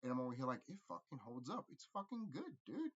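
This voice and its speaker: A man rambling through a casual movie review, profane and animated, laughing often. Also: medium pitch, quick pace, dull audio.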